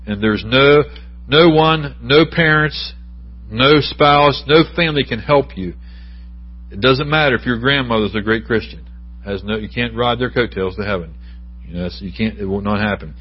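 Husky man preaching a conversational sermon. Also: medium pitch, moderate pace. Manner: conversational preaching with asides and questions to the congregation. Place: church sanctuary. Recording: dull lo-fi church recording.

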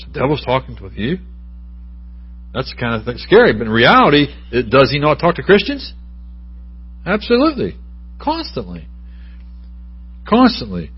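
Husky man preaching a conversational sermon. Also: medium pitch. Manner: conversational preaching with asides and questions to the congregation. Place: church sanctuary. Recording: dull lo-fi church recording.

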